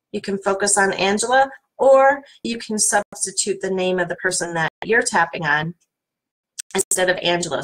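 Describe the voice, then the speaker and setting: Calm woman coach guiding a tapping session. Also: medium pitch, low-quality recording. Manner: calm, soothing guidance with playful repeated names. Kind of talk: guided tapping workshop.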